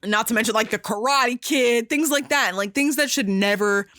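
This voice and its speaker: A woman's voice: fairly high pitch, moderate pace, a bit bright, no echo, studio quality. A woman hosting a podcast in casual chat, talking emphatically and gushingly with many fillers and restarts. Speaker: podcast host.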